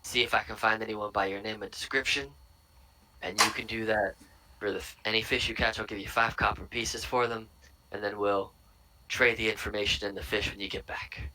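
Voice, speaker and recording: A man narrating as dungeon master in a relaxed, rambling way. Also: lowish voice, fairly quick, a little hiss or hum, low-quality recording. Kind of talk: narrating a tabletop game.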